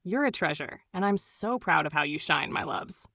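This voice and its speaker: A woman's voice: fairly low pitch, animated, moderate pace, sharp tone, no room sound. A woman reading scripted narration in a gushing, doting way, full of pet names.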